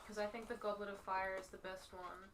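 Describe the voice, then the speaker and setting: A woman's voice: mid-range voice, little pitch movement, fairly quick, recorded from a distance, noisy background. A woman chatting casually on a podcast, rambling with many fillers. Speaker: podcast co-host. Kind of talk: casual chat.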